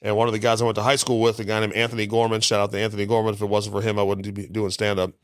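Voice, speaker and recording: Man, fifties, low voice, dry close sound, rambling guest storyteller. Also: flat delivery, racing, dry recording. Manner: rambling, laughs between stories. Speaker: guest comedian. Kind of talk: casual interview storytelling.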